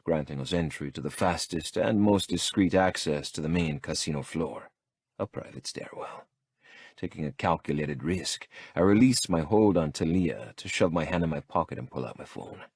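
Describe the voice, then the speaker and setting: Low, husky male audiobook narrator. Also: a little mellow, no room sound, clean studio sound. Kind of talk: first-person audiobook narration.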